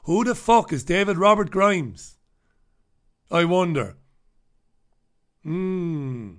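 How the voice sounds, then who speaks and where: A man on his own radio show, ranting in a heated, sarcastic monologue. His voice sits a little high for a man, and he swears freely as he builds up steam. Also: expressive, a little slow, long pauses, a bit bright. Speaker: radio host.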